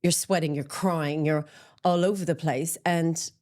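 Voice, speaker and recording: Middle-aged woman, very low voice, candid, chatty interview guest, lots of ums. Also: fairly even intonation, measured pace, darkish tone. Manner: open and candid, frequent ums, laughs at herself. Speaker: interview guest, menopause support group founder.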